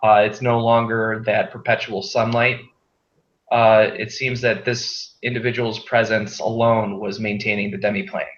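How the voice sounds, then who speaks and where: A man narrating a tabletop game as game master, slow and hesitant with fillers. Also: fairly low pitch, little pitch movement, a bit bright. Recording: dull echoey room.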